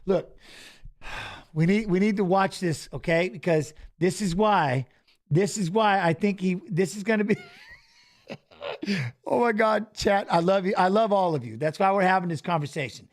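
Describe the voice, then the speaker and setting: A man co-hosting a casual live-stream watch-along, excitable and joking, laughing often. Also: sits high, normal speed.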